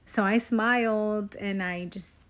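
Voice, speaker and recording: Woman, unhurried storyteller, halting and uneasy delivery; casual storytime. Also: mid-range voice, steady tone, a bit bright. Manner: slow, halting, unsettled retelling.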